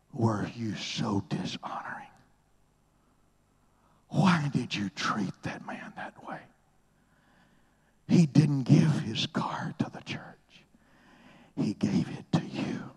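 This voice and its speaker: Husky preacher, whispering then exclaiming. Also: male voice, medium pitch. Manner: swings from hushed whispers to loud exclamations. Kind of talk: sermon.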